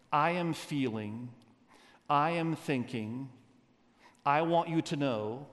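A man preaching to his congregation in a large church, his fairly high voice carrying a long reverb tail through the sanctuary. He talks animatedly, pausing to lead the room in repeating lines back. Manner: animated preaching, leads the congregation in call-and-response. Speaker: pastor. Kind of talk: sermon.

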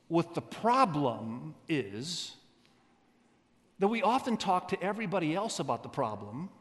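A man preaching to his congregation in a large church, his fairly high voice carrying a long reverb tail through the sanctuary. He talks animatedly, pausing to lead the room in repeating lines back. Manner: animated preaching, leads the congregation in call-and-response. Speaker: pastor. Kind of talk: sermon.

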